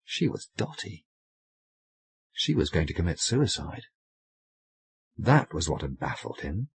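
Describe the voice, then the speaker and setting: A man narrating an audiobook story in a measured, wry storytelling manner. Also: rumbling low, very animated, gravelly, slightly rough, dry recording. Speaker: audiobook reader.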